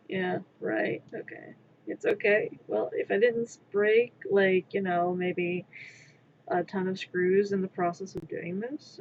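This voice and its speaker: A woman streams her crafting from her room, talking slowly and dropping to a murmur as she coaxes her work along. The recording is muffled and lo-fi, with a faint hiss of background noise. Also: medium pitch, fairly even intonation. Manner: mutters and half-whispers pleas to her work. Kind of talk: live-stream self-talk while crafting.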